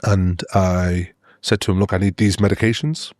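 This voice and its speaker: Earnest doctor, flat low voice. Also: male voice, no echo. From Australia and the UK. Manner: earnest, halting, many restarts and "you know" fillers. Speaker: doctor guest. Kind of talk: interview storytelling.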